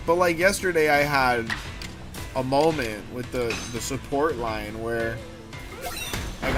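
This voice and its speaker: A man hosting a livestream and chatting casually, ranting animatedly and swearing freely. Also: medium pitch. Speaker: livestream host. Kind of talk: casual stream chat. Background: music.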